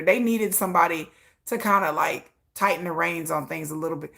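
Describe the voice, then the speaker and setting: Woman host, casual chat, gushing and excitable, mid-pitched voice, stumbles and restarts often. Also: a little fast, creaky. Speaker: K-pop commentary host.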